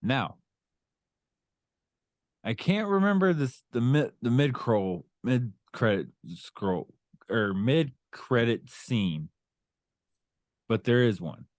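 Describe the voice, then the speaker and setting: Middle-aged male podcast host, unhurried and rambling, dry close mic. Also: medium pitch, big pitch swings, no echo. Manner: rambling, searching for words. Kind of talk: casual chat.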